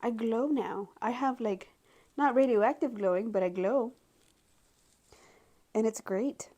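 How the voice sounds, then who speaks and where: A woman's voice: fairly high pitch, slow, muffled recording. A woman in her twenties talking casually and frankly to her camera at home, rambling with many fillers. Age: 20s. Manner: rambling, heavy use of filler words, frank and expressive. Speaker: vlogger.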